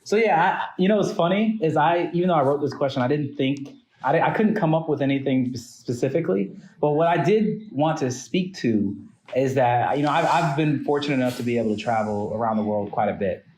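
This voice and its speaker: Relaxed man, roomy echoing recording. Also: on the high side, a little fast. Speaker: podcast co-host. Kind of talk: casual chat. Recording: roomy echo.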